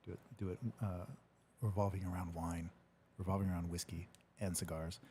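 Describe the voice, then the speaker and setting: A man with a low, dark voice reads viewer comments during a laid-back livestream from his home studio, swearing now and then as he jokes. He speaks fairly quickly with little pitch movement, and slight background noise is audible.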